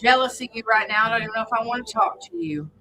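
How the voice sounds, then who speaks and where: A woman's voice: on the high side, rapid-fire, gravelly, bright, forceful tone, faint music behind, poor audio. Chatty woman radio host. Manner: chatty, loose and rambling, greets listeners by name. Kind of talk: casual morning radio chat. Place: radio studio.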